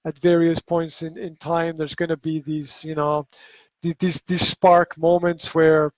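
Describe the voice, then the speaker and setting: A man's voice: a little high, little pitch movement, unhurried, no echo. A man hosting a casual live podcast conversation, talking emphatically with frequent restarts and the odd swear word. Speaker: podcast host. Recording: dull lo-fi livestream audio.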